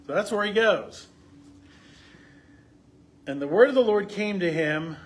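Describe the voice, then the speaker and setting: A man's voice: sits high, sing-song, takes it slowly, long pauses. Conversational man teaching scripture to a group. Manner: asks the group questions, reads scripture aloud with rising emphasis. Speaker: pastor leading a Bible study.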